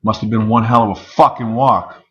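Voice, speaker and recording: A man's voice: fairly low pitch, steady tone, moderate pace, dull audio. A man in an angry, profane rant, firing off rhetorical questions. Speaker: vlogger.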